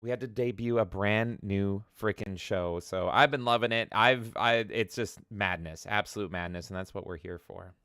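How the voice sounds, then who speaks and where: Male gaming podcast host, excitable and profane, bright crisp voice, dry close sound. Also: on the low side, no echo. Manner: excitable, swears, rapid exclamations. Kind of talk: energetic casual chat.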